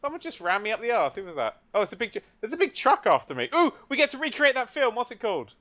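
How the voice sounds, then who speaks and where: A man's voice: extremely high pitch, very animated, fast, sharp tone, highs cut off. A man, a podcast guest, chatting casually while gaming and joking, teasing and laughing a lot.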